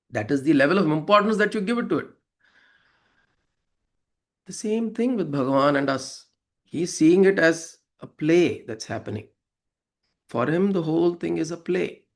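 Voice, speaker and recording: Guy explaining spiritual verses, kinda high voice, chatty, keeps asking "right?". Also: animated, unhurried, long pauses. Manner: conversational, acts out quoted voices, asks listeners "right?". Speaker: spiritual teacher. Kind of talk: devotional talk explaining verses.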